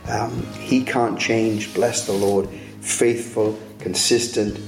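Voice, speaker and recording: A man's voice: fairly low pitch, steady tone, takes it slowly, faint music behind. Man preaching in an echoey room. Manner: earnest preaching with frequent restarts and rising emphatic peaks. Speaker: pastor. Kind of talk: sermon.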